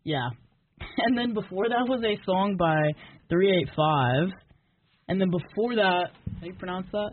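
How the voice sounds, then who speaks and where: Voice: mid-range voice, measured pace, a little hiss or hum. A college radio co-host chatting in a laid-back, slightly hesitant way about the next songs. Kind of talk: casual on-air chat. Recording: tinny lo-fi radio capture.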